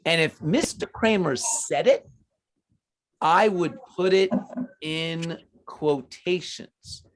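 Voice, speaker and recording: A man's voice: a little high, slow. A man teaching math to children, patient and encouraging as he explains each step. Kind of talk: online class teaching.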